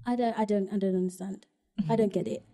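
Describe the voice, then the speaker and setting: A young woman, co-hosting a podcast, talking in an animated, emphatic way. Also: mid-range voice, fast talker. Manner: animated, emphatic, repeats herself. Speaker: podcast co-host. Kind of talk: casual podcast chat.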